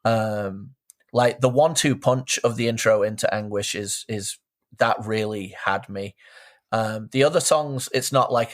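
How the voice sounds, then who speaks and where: A man co-hosting a music podcast, talking easily and sometimes stumbling over repeated starts. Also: medium pitch. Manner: easygoing, stammers on restarts. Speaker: podcast co-host. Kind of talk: casual chat.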